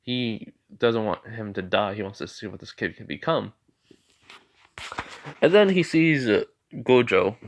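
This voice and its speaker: A man's voice: animated, measured pace, slight background noise. A man telling an improvised fan story in a casual, rambling way, full of fillers. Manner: rambling, many fillers, jumps in pitch.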